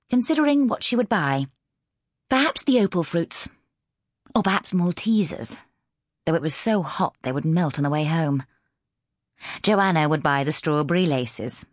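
A woman narrating an audiobook in a measured, expressive storytelling manner, close to a studio mic. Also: lowish voice, dry recording.

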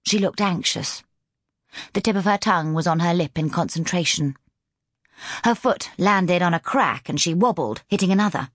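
A woman narrating an audiobook in a measured, expressive storytelling manner, close to a studio mic. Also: low-pitched, no room sound.

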